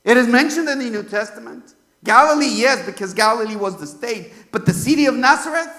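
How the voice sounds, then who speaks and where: California pastor guy, really high bright voice, chatty sermon, lots of "you know" and "right?". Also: animated, a little fast. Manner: conversational preaching, many fillers and rhetorical questions.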